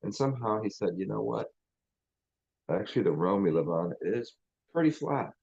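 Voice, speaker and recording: Deep dark-voiced guy cussing and rambling, restarts a lot, muffled lo-fi sound. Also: expressive, moderate pace, creaky, husky. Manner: rambling and profane, with many restarts. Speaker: channel host. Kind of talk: casual livestream rant.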